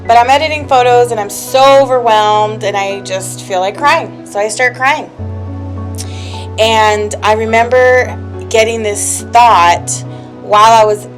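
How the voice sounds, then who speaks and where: A woman's voice: fairly high pitch, a little slow. A woman co-hosting a podcast, speaking candidly and heartfelt about her life, rambling with lots of fillers and close to tears at times. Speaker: podcast co-host. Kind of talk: candid personal chat. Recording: music playing clearly behind.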